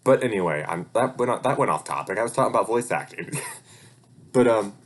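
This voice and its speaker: A man's voice: on the low side, lively intonation, fairly quick. A young man talking in a casual, rambling vlog update, swearing freely and getting heated when he vents. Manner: rambling and profane, gets heated when venting. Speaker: vlogger and hobby voice actor. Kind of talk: casual life-update rant.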